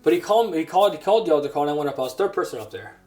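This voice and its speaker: A grown man preaching a personal testimony sermon, earnest and halting, with many restarts. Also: on the high side, expressive, a little mellow, soft background music. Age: adult.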